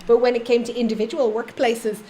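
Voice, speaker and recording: A middle-aged woman guest who explains things in a steady, measured way during a podcast discussion. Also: fairly high pitch, a little hiss or hum. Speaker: anti-racism trainer, guest.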